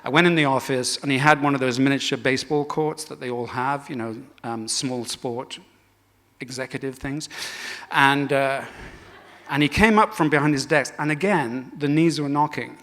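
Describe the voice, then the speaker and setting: A man's voice: medium pitch, normal speed, fairly bright tone. Male guest speaker, anecdotal stage storytelling, self-deprecating and conversational, drops swear words.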